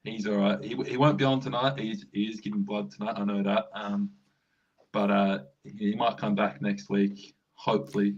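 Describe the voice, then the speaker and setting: An Australian man telling a story on a sports podcast, animated. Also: fairly low pitch, moderate pace, breathy edge. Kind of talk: casual sports podcast chat. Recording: dull lo-fi sound.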